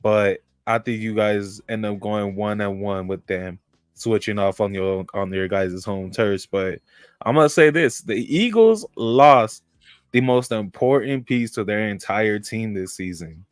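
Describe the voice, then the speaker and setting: A man's voice: lowish voice, unhurried, dry recording, studio quality. A man in a casual sports chat, confidently making predictions.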